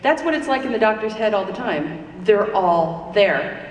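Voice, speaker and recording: A woman panelist with a gushing, animated delivery. She sounds far from the microphone, with a long hall reverb and faint noise underneath. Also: mid-range voice. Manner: gushing and animated, with quick laughs. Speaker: convention panelist. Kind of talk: casual panel chat. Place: large convention hall. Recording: echoey hall, distant mic.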